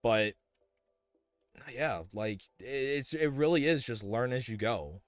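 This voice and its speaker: A man's voice: mid-range voice, animated, slow pace, dry recording. A young man casually thinking aloud as he streams a building game, rambling with many fillers and restarts. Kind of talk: casual live-stream commentary while building.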